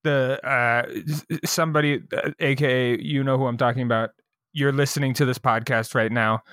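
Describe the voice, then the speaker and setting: A man's voice: medium pitch, steady tone, normal speed, a bit bright, no echo, studio quality. A young man co-hosting a casual podcast, riffing on jokes and swearing freely. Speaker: podcast co-host.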